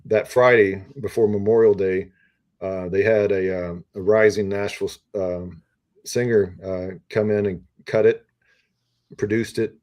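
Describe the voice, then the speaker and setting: A retired Army officer in his fifties tells stories as a podcast guest, his voice low-pitched and dark. He rambles along casually and fills his pauses with ums and uhs. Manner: rambling, filler-heavy storytelling with many ums and uhs. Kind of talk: casual storytelling interview.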